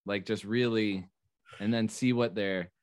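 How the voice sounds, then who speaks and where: A man's voice: fairly low pitch, fairly even intonation, a little slow, no echo, clean studio sound. A young man chatting casually on a podcast, musing loosely and trailing off into fillers. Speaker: podcast co-host. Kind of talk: casual chat.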